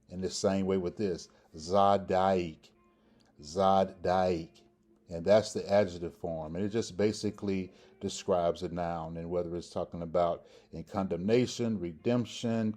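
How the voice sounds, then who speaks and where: A man gives a Hebrew grammar lesson in a very low, deep voice. He talks slowly and patiently, saying each word several times so students catch the pronunciation. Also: dark tone. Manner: repeats words slowly to drill pronunciation. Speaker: Hebrew teacher. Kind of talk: slow spoken grammar lesson.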